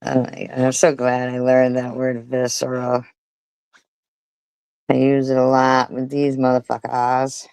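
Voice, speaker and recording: Woman streamer, slow scornful commentary, crude mouth, dry close sound. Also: a bass voice, monotone, a little mellow, clean tone, no room sound, poor audio. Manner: profane, mocking, disgusted. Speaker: livestream host. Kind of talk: casual livestream commentary.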